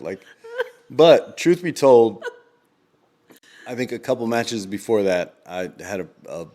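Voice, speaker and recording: A man co-hosting a podcast in casual chat, rambling with lots of ums and quick laughs. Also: mid-range voice, warm tone. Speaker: podcast co-host.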